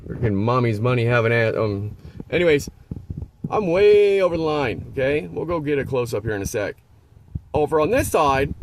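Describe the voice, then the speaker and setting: A man's voice: a little high, very animated, normal speed, a little hiss or hum. A man ranting in a rambling, profane, sarcastic way in a casual vlog, filming on his phone outdoors in a parking lot. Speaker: vlogger.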